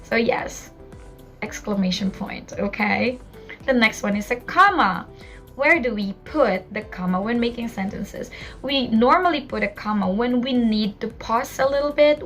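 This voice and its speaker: A woman's voice: a little high, a bit bright. Patient woman teaching English. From Philippines. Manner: patient, explaining with spoken examples. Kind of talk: online English lesson.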